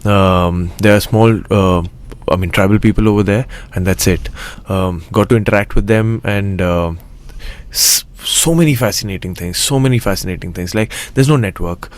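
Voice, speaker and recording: A young man with a fairly low voice chats as an interview guest, from Mumbai. He talks eagerly and rambles, restarting his sentences often. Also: normal speed. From Mumbai, India. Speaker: actor guest. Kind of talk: casual interview chat.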